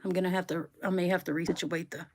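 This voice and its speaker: A woman's voice: fairly low pitch, flat delivery, fast talker, darkish tone. Chatty woman live-streaming, a bit sniffly. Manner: chatty, talks back to viewers by name. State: sniffling from sneezing. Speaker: live-stream host unboxing rocks. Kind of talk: casual live-stream chat with viewers. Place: her bedroom. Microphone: phone on a stand.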